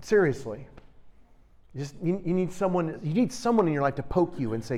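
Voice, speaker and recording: A man preaching a sermon, shifting between quiet storytelling and loud, emphatic, direct challenges to his listeners. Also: on the high side, animated, brisk. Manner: intense, direct, challenging delivery.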